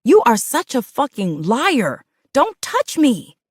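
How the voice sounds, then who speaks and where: A woman reading an audiobook plays a betrayed young woman who has lost all control, her voice leaping high and loud as she shrieks and sobs. The delivery is raw and cracking, and the room sound is dry and close. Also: wildly swooping pitch, takes it slowly, breathy edge, no echo, exaggerated voice. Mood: furious screaming. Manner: screaming and sobbing. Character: heartbroken furious young woman confronting lover. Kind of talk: audiobook dialogue.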